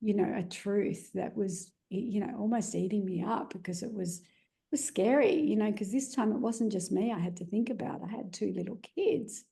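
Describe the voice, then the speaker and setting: A woman's voice: mid-range voice, normal speed, creaky, warm tone. An Australian woman earnestly recounting a personal experience, with frequent "you know" fillers. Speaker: guest telling her story. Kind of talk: personal storytelling.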